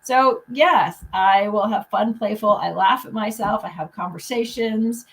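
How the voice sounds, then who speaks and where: A woman's voice: mid-range voice, a little slow, rough recording. A woman hosting a podcast, chatting in a playful, upbeat way about self-love. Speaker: podcast host. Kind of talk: casual conversational interview.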